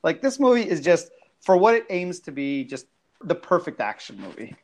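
Wry, opinionated man, slightly high voice. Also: big pitch swings, normal speed, darkish tone. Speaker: first-time podcast guest. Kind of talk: casual movie review chat.

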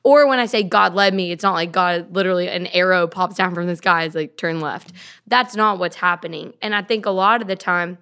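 A woman's voice: on the low side, brisk, hardly any pauses, fairly bright tone, smooth. A young woman co-hosting a casual faith podcast, chatty, laughing easily and filling her talk with "like". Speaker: podcast co-host.

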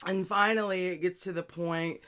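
A woman's voice: lowish voice, moderate pace. A young woman in her twenties tells a story on a casual podcast. She swears freely and acts out each exchange as she goes. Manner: profane, animated storyteller who acts out every exchange.

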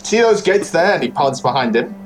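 A man's voice: on the high side, big pitch swings, fairly quick, faint music behind, voice pushed up. A man voicing a proud, blunt dwarf captain who boasts about his defenses in a tabletop game. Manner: brusque, boastful.

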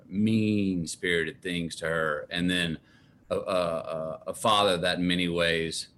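A man in his fifties with a Texan accent, a guest in a casual interview who tells stories with animated voices and frequent laughter. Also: low-pitched. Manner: animated storyteller, laughs often, acts out quoted voices. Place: his home.

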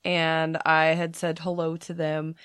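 A young woman co-hosting a podcast, casually telling a story, swearing freely and acting out what people said with big jumps in pitch. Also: monotone, a little slow, fairly bright tone, clear, resonant tone, dry recording, clean studio sound. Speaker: podcast co-host.

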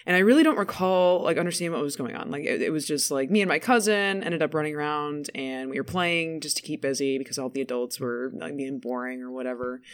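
A man in funeral service chatting casually on a podcast, quick asides and easy laughter. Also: fairly high pitch, clear, resonant tone. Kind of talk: casual conversation.

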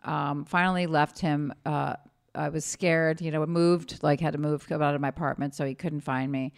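Woman, very low pitch, rambling, self-interrupting, casual interview guest. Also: fairly even intonation, moderate pace, gravelly, smooth.

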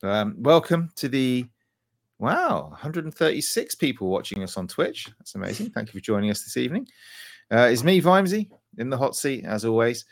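A man's voice: medium pitch, very animated, moderate pace, gravelly. A man hosting a casual gaming podcast, bantering playfully with his co-hosts. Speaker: podcast host.

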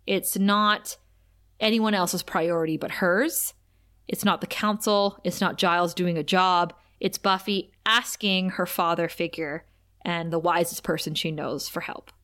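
Bright, animated woman podcaster. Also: on the low side, unhurried. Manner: animated, laughs often, acts out scenes. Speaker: podcast co-host. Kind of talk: casual recap chat.

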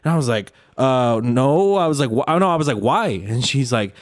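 A man casually recounting a story to friends, profane and animated, acting out what people said. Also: mid-range voice, moderate pace. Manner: animated, profane retelling with quoted voices. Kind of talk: casual chat among friends.

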